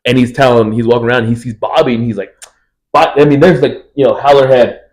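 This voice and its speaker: A man's voice: medium pitch, fairly even intonation, fast, rough recording. A man in his twenties co-hosting a casual podcast, telling stories and acting out his friends' lines. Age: 20s. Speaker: podcast co-host. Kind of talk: casual chat.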